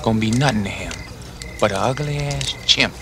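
An actor playing an intense grown man who delivers a harsh, bitter lecture in a dramatic film scene, speaking slowly and cuttingly and repeating himself for emphasis. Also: mid-range voice, natural voice. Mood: bitter, menacing. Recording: film clip with loud background noise.

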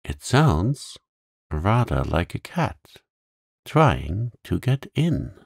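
A man voicing a kind, imaginative young girl who talks in a soft, coaxing, crooning way. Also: on the low side, sing-song, very slow, vocal fry, no room sound, studio quality, heavily acted. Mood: softly excited.

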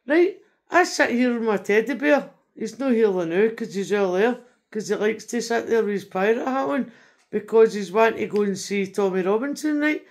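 A woman's voice: on the high side, animated, moderate pace. Sweary Scottish woman ranting. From Scotland. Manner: sweary, rambling, heated rant; frequent tag question "right?". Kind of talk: ranting video message.

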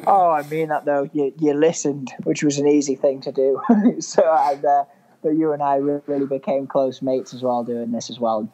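A man's voice: a little high, fairly even intonation, normal speed, warm tone, poor audio. A young man from England with a mild northern English accent, a podcast guest telling stories in a chatty, good-humoured way. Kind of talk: casual chat.

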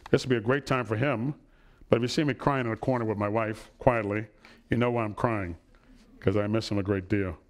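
A middle-aged man lectures in a hall a little fast, his lowish voice fairly even in intonation. Warmly recounting family stories, he repeatedly asks the audience "right?"

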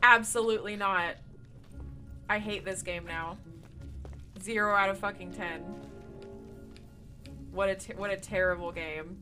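A woman's voice: mid-range voice, fairly even intonation, measured pace, pauses often, music in the background. A woman streamer giving casual commentary as she plays a game, swearing freely and bursting into laughs and shrieks of surprise.

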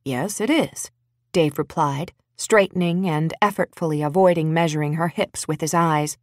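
A woman narrating an audiobook in an expressive, wry storytelling manner. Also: sits low, normal speed, dry recording, studio quality.

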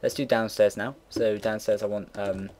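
A man's voice: fairly low pitch, steady tone, normal speed, a little mellow, a little hiss or hum. A young man in his late teens, casually rambling and swearing while narrating a computer build. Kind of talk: casual gameplay commentary. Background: keyboard typing and mouse clicks.

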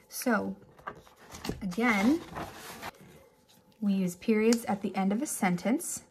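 A woman teacher giving a relaxed, chatty remote lesson to children, with animated examples and little asides. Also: mid-range voice, background noise.

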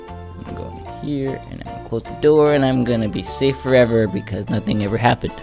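A man's voice: mid-range voice, steady tone, quick pace, gravelly, over music. A young man giving rambling, goofy gameplay commentary, swearing often and breaking into sing-song exclamations. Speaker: gaming YouTuber.

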